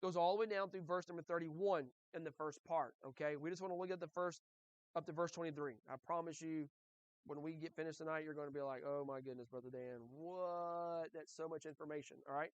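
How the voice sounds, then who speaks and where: Man preaching with quick check-ins. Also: on the high side, fairly even intonation, dry recording, dull audio. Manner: conversational preaching with frequent "okay?" check-ins and rhetorical questions. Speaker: pastor. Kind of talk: sermon. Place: church.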